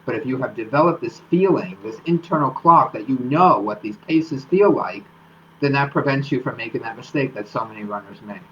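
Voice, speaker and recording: A man's voice: medium pitch, lively intonation, brisk, bright, forceful tone, highs cut off, a little hiss or hum. A man hosting a live-streamed talk about running, explaining workouts in a coaching tone. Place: home studio.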